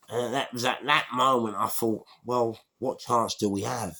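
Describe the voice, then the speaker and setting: Gravelly older London man. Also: medium pitch, measured pace, few pauses. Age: 60s. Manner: animated, slangy, acts out voices. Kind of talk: storytelling monologue.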